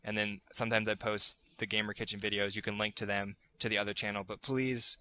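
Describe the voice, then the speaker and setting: A man with a lowish, bright and forceful voice hosts a casual gaming podcast. He talks in a relaxed, rambling way, often restarting his sentences mid-thought. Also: fairly quick, a little hiss or hum. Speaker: podcast host.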